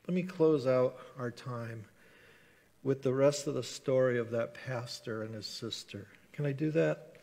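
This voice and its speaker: A man's voice: medium pitch, a little slow, creaky, a little mellow, long reverb tail. A man pastor preaching a sermon in earnest, acting out prayers and the voice of a bitter person. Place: church sanctuary.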